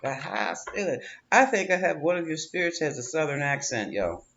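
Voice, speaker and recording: A man's voice: on the high side, big pitch swings, a little fast, heavy background noise. A man reading tarot cards, talking in a chatty, coaching way, often repeating words and breaking into laughter. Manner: coaching, reassuring tone. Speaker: tarot reader. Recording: dull lo-fi audio with faint room ambience.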